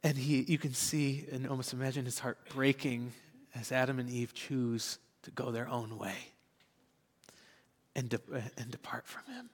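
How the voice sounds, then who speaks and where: A young man preaching a sermon as a church pastor, earnest and candid, with light laughs, dropping into soft whispers at tender moments. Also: mid-range voice, in a large hall.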